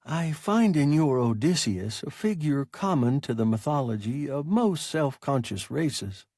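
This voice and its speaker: A man voicing a calm, philosophical, large and sluggish alien creature that speaks in a measured, formal way in an audiobook. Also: mid-range voice, no room sound, studio quality. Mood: calm reasoning.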